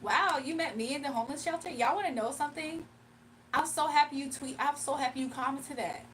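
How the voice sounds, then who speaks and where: A young woman who livestreams and does spiritual readings talks in a high, slightly bright voice at a somewhat quick pace, with a Southern accent. The audio is poor, with a distant mic and a bit of hiss or hum. She chats casually from home, reading comments out loud and laughing often.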